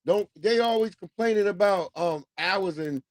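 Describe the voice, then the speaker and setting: A man's voice: high voice, normal speed, dry recording. A man hosting a casual livestream, talking loosely with profanity and street slang. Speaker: livestream host.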